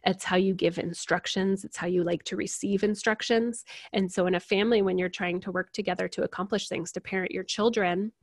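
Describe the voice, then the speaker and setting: A woman guest explaining personality types in a casual interview, animated and laughing often as she acts out examples. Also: medium pitch, fairly quick, hardly any pauses, no echo, clean studio sound. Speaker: certified personality type coach, guest.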